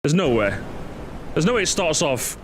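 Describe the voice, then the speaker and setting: High, lively streamer laughing at clips. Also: male voice, normal speed, a little hiss or hum. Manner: animated, mocking, laughs often. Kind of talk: live-stream commentary.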